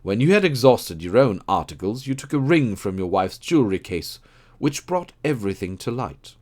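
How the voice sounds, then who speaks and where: A man's voice: lowish voice, big pitch swings, normal speed, darkish tone, voice pushed up. A man reading an audiobook, voicing a keen, precise male detective who explains his deductions. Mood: assured. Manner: crisp, assured, explaining.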